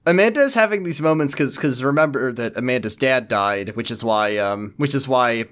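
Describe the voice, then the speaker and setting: A man's voice: mid-range voice, normal speed. Rambling male podcast co-host. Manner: rambling, quotes characters in a mocking deadpan. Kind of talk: casual chat recapping a TV episode.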